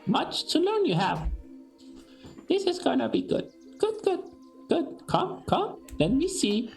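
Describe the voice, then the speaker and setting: A game master putting on a wise old orc elder woman, high and sing-song. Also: sing-song, a little slow, vocal fry, a little mellow, soft background music, exaggerated voice. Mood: serene.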